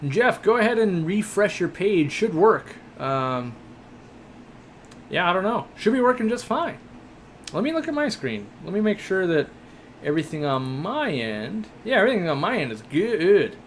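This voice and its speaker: A man's voice: sits high, big pitch swings, a little slow, a little hiss or hum. A young man hosting a casual live stream, reading viewer questions aloud and answering with jokes and lots of fillers. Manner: chatty, joking, rambling with many fillers. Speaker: host of an aquarium shop live stream.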